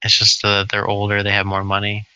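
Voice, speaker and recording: A man co-hosting a podcast, chatting casually with rambling, animated storytelling. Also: fairly low pitch, fairly quick, clear, resonant tone, no room sound, low-quality recording. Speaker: podcast co-host. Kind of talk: casual chat.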